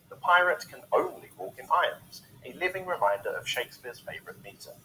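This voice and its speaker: A man giving scripted narration for an educational video, with a measured, explanatory delivery. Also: a little high, huge pitch swings, pushed and bright, a little hiss or hum, poor audio.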